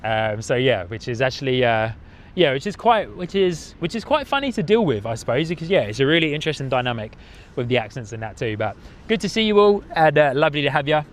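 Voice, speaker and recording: A man's voice: medium pitch, big pitch swings, fast, slight background noise. Upbeat chatty man, English with a New Zealand tinge. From United Kingdom. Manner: upbeat and chatty, with frequent filler words and restarts. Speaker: plane-spotting livestream host. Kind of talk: casual live-stream chat. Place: outdoors in an airport car park.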